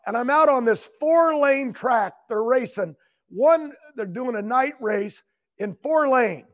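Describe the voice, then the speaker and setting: A man's voice: very high-pitched, lively intonation, a little slow. An older man telling a long, emotional story as a guest, rambling and repeating words as he gets worked up. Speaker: guest, retired champion racer.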